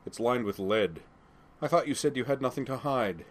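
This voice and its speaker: A man's voice: medium pitch, normal speed, pitched above the performer's own voice, natural voice. A man reading the lines of a cold, imperious alien male enforcer who growls his threats. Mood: demanding.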